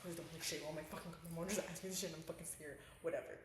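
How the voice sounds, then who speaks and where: A young woman tells a story at a rapid clip, slangy and animated, as a podcast co-host. Her voice bounces around a very echoey room, with a faint hiss underneath. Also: low-pitched. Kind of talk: casual chat, storytelling.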